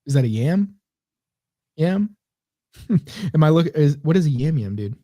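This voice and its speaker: A man's voice: fairly high pitch, sing-song, a little slow, dark tone, no room sound, studio quality. A man co-hosting a casual comedy podcast, rambling and sarcastic as he reads comments aloud. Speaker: podcast co-host.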